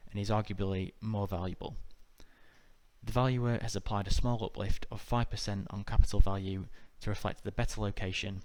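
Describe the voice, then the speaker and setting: A man narrating a scripted exam-prep lesson in a measured, methodical way. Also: fairly low pitch. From United Kingdom. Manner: measured, even, methodical delivery. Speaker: exam tutor.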